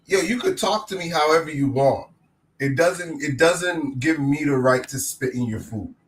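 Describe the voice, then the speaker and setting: A man's voice: a little high, normal speed, a little hiss or hum. A man hosting a podcast in casual chat, loose and slangy with many false starts. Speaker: podcast host.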